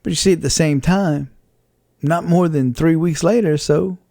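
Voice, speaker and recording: A man with a gravelly, mellow voice hosts a casual faith-based podcast. He rambles and reflects aloud, often restarting his sentences, and sounds dry and close to the mic. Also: a little high, moderate pace, no echo. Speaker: podcast host.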